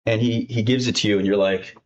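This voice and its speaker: A man giving casual screen-share commentary as host, ranting in a profane, mocking and excitable way. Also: lowish voice, quick pace, muffled recording, background noise.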